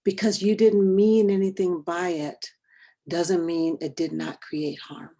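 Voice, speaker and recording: A woman trainer speaks in a mellow, lowish voice while hosting a video-call training session. She talks casually and tests her group with brisk questions.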